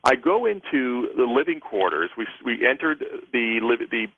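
A man's voice: medium pitch, sing-song, moderate pace. A man, a guest author and psychic, telling a rambling story with many restarts during a radio interview. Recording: tinny phone line.

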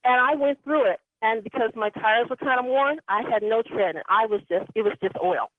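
Over a dry, tinny phone line, a female caller to a radio show rambles through a personal story, filling it with ums and anyways. Her voice sits a little high and she talks briskly.

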